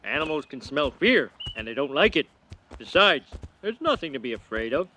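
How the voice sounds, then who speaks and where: A man's voice: a little high, very animated, moderate pace, bright, forceful tone, a little hiss or hum. An actor playing a gullible, bumbling middle-aged cartoon father who is easily swayed. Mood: confident. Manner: dim, easily swayed, blustering. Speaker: cartoon character.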